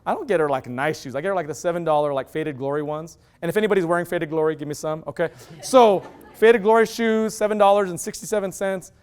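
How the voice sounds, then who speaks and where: A middle-aged man giving an animated storytelling lecture, acting out quoted dialogue. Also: fairly high pitch, quick pace, hardly any pauses, smooth. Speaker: university lecturer.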